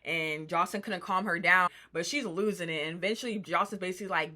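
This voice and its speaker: A woman's voice: on the low side, a little fast, hardly any pauses, sharp tone. A woman vlogger casually recapping a TV episode, chatty and slangy, full of "like" fillers.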